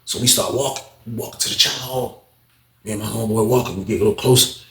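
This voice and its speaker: A man's voice: on the low side, fast talker. A man casually telling a long story, rambling and repeating phrases while addressing listeners as y'all. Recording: roomy echo.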